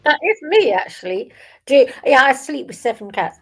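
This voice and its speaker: A woman's voice: high voice, sing-song, moderate pace, soft background music. A woman chatting playfully and bubbly as a panel guest. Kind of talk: casual panel chat.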